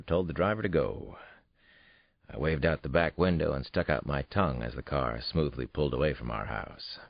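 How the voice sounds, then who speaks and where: Super deep gravelly guy reading an audiobook, lively wry storytelling, dry muffled sound. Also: no echo. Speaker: audiobook narrator. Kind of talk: first-person audiobook narration. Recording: dull, muffled studio read.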